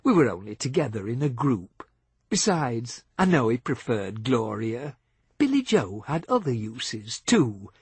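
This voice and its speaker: Man, audiobook narration, measured storytelling, breathy voice, mid pitch. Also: sing-song, darkish tone, no echo. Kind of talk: scripted novel narration.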